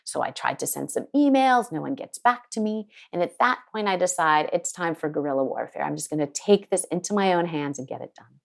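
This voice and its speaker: Woman winemaker, kinda low voice, chatty storyteller doing little voices for people. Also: brisk, vocal fry. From United States. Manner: lively, quotes people in put-on voices. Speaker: winemaker guest. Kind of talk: animated storytelling in an interview. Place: her home in Sonoma County.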